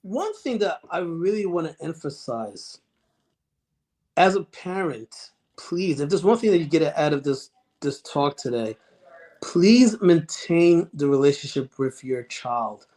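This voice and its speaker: A middle-aged man psychiatrist answering interview questions, earnest and halting, with frequent restarts and fillers. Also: a little high, animated, darkish tone. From United States. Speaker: child and adolescent psychiatrist, guest.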